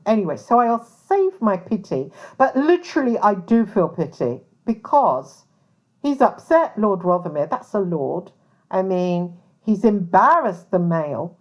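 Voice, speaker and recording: A woman's voice: mid-range voice, poor audio. A woman who works as a private investigator, talking casually to camera in a rambling way full of asides. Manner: rambling, many fillers and asides.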